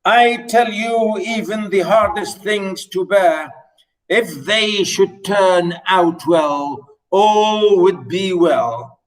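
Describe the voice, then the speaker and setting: A man's voice: sits high, very slow, voice pushed up, rough recording. A man reading as a polite, solemn royal envoy. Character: polite dignified royal male envoy, measured.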